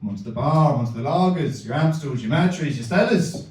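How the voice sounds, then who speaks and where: A man performing stand-up comedy, telling a long absurd story with deadpan build-ups and loud punchlines. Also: on the high side, quick pace, far from the mic. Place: comedy venue with live audience. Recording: echoey room miked from afar.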